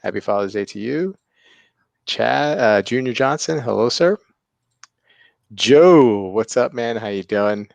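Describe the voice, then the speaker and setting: A man's voice: medium pitch, animated, a little slow, creaky, long pauses, dry recording. A man hosting a casual livestream, greeting viewers by name and chuckling often. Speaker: livestream host.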